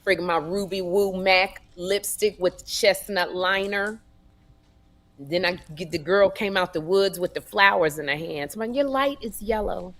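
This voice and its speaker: A woman co-hosting a comedy podcast, telling stories in a sassy, animated way and acting out voices. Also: fairly low pitch, normal speed. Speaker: podcast co-host. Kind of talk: casual comedic storytelling.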